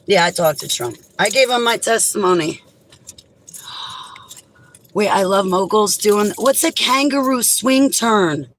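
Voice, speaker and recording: A woman speaking straight to her viewers in an impassioned, emphatic monologue. Her indignation comes through in raised outbursts that drop into low, heavy lines. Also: animated, measured pace, long pauses, slight background noise, low-quality recording. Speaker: vlogger. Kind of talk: direct-to-camera monologue.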